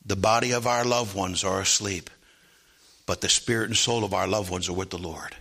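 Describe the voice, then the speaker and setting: A man preaching a sermon, often asking the congregation "Amen?" and swinging from hushed tones to loud rising calls. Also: low-pitched, steady tone, normal speed, vocal fry, husky. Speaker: pastor.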